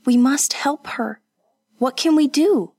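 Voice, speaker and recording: Brief: narrator doing an anxious young woman in an audiobook, higher pitched, urgent, a bit breathless. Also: lively intonation, unhurried, darkish tone, slightly rough, dry recording, studio quality.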